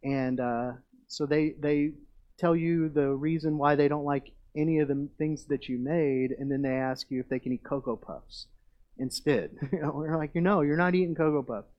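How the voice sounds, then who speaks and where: A man's voice: fairly high pitch, fairly even intonation, moderate pace, muffled recording. A middle-aged man, a pastor, preaching a sermon in a conversational way that rises to emphatic declarations.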